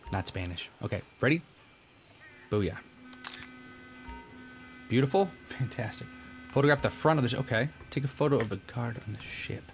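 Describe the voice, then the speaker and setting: A young man hosting a let's-play, commenting on the game in a goofy, self-mocking way with sudden loud outbursts. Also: on the low side, creaky. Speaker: gaming let's-play host. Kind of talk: casual gameplay commentary.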